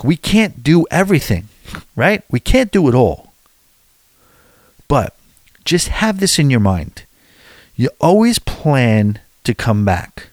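A man in his forties with a lowish, darkish voice, captured in a dry, studio-quality recording. Chatting casually, he spins meandering, self-deprecating stories and often backs up to start again.

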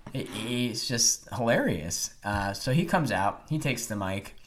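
A man co-hosting a casual chat, retelling events with animated energy and laughter. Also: mid-range voice, slow. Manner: animated storyteller, acts out quotes with laughs. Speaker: podcast co-host. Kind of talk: casual chat recapping wrestling.

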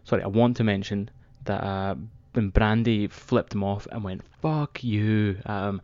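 A young Scottish man chatting casually as a podcast co-host, animated and sweary, with quick apologetic asides. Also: fairly low pitch, dry recording, highs cut off. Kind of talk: casual chat.

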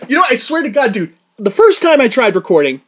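A man hosting his own podcast, telling a story in a casual chat, excitable and swinging from loud laughing outbursts to low mutters. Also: fairly quick. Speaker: podcast host. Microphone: podcast mic.

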